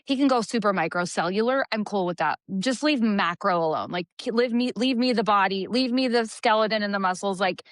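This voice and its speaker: Woman in her forties, emphatic co-host with quick asides, mid pitch, dry studio. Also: no echo. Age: 40s. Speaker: podcast co-host, personal trainer. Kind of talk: casual chat.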